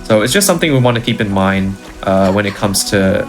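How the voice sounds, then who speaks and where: A man's voice: fairly low pitch, lively intonation, brisk, faint music behind. A man explaining his speedrun route in an easygoing, casual way as he plays. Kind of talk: casual gameplay commentary.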